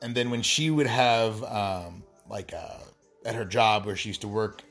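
A man's voice: on the low side, a little slow, fairly bright tone, faint music behind. A man talking straight to his audience in a casual, rambling monologue, swearing freely and tossing in wry asides. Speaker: gaming vlogger.

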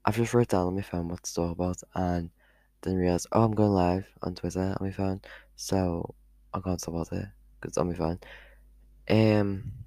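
A man's voice: deep voice, steady tone, moderate pace, warm tone, no room sound. A teenage boy chatting casually on a live stream into a headphone mic, rambling and losing his thread. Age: teens. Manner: chatty, meandering, loses his train of thought. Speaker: vlogger.

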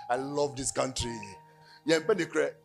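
A middle-aged Ghanaian man preaching a sermon, telling stories and joking, breaking into sudden loud bursts. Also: on the high side, vocal fry. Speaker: pastor.

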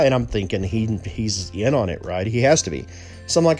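A man's voice: on the low side, expressive, a little fast, darkish tone, slightly rough. Man, casual storytelling, rambling with restarts, faint background music. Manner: rambling, many restarts and asides.

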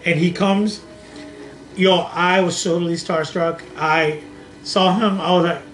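Young guy on a podcast, kinda high voice, rambling story with lots of restarts. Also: flat delivery, unhurried, a bit bright, soft background music. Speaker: podcast co-host. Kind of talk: casual chat.

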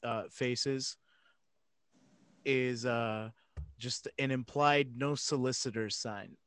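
Male podcast host, playful interrupter, average pitch, dry close sound. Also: fairly even intonation, slow, fairly bright tone, clear, resonant tone, no room sound. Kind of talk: casual chat.

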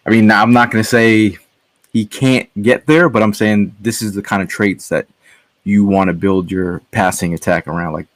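Laid-back man with a low, dry voice. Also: fairly even intonation, moderate pace, dry recording. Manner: rambling, filler-heavy, laid-back. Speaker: podcast guest. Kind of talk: casual sports podcast chat.

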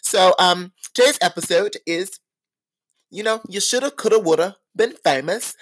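A man hosting a podcast, telling casual stories in an animated, gossipy way with dramatic asides. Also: high voice, moderate pace. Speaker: podcast host. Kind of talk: casual storytelling monologue.

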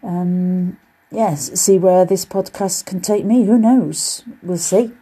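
On her relaxed solo quilting podcast, this UK host and quilting teacher talks in a chatty, encouraging way and wanders into rambling asides. She speaks slowly, with a fairly low pitch, fairly even intonation, and a mellow, husky quality.

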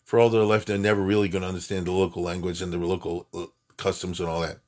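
A man teaching Jewish history in a lively, emphatic classroom talk, full of asides and restarts. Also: low voice, fast. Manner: animated, emphatic, conversational with many asides and restarts.

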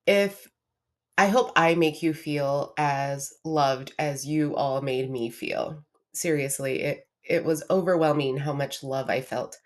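A young woman hosting her own podcast, talking candidly about a hard week in a casual, confessional way with lots of restarts. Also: deep voice. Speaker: podcast host. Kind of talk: casual personal monologue.

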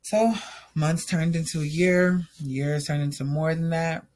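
A young man tells an emotional story about his own life in a loose, run-on way. He stays candid and open throughout. His voice sits a little higher than most men's. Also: steady tone, a little slow, darkish tone. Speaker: storyteller sharing a personal testimony. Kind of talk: casual personal storytelling.

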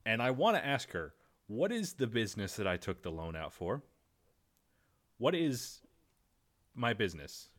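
A man's voice: on the low side, sing-song, unhurried, long pauses. A man co-hosting a casual podcast, making wry, joking complaints. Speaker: podcast co-host. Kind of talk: casual chat.

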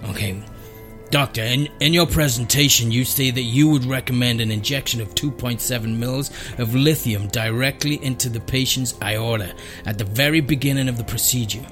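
A man's voice: mid-range voice, moderate pace, fairly bright tone, big-room sound, faint music behind. A man acting as a formal, stumbling compère in a comedy sketch.

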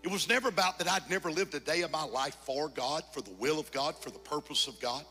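A man preaching a sermon as pastor, moving from quiet confession to shouted, sung climaxes. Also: a little high, expressive, fast talker, few pauses, big-room sound, soft background music. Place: church sanctuary.

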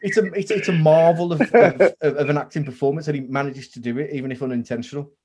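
A man's voice: fairly high pitch, fast, warm tone, a little hiss or hum. A man in a casual podcast chat, joking and hesitant, with lots of fillers.

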